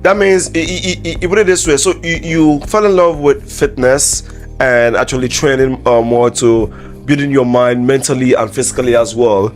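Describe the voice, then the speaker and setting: A man's voice: mid-range voice, fairly even intonation, moderate pace, soft background music. A man hosting a podcast interview. He rambles through his questions, restarts them, and finishes his guest's sentences. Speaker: podcast host. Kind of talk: casual interviewing.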